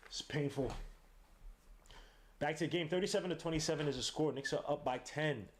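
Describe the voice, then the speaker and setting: A podcast host with a mid-range voice calls a game live as he watches it. He's excitable and full of slang, and he breaks into shouts whenever a big play happens.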